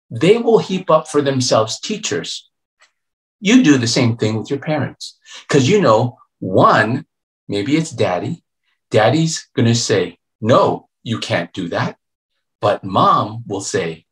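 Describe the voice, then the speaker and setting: A pastor preaching a youth revival sermon, telling a story and acting out its voices, playful and joking. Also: male voice, medium pitch. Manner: storytelling preacher, acts out voices and swings between hushed and loud; playful, calls himself a joker. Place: church sanctuary. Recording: echoey church room.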